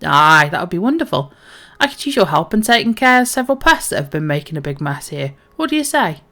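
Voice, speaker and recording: A woman streamer reading a busy male dwarf dockmaster's game dialogue in a hearty, brisk voice. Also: on the low side, big pitch swings, sharp tone, full character voice.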